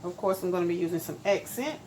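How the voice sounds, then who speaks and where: A middle-aged woman, chatting homey and relaxed to viewers as she cooks in her kitchen. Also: on the low side, quick pace, slight background noise, poor audio. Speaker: cooking channel host. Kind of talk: casual cooking vlog chat. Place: home kitchen.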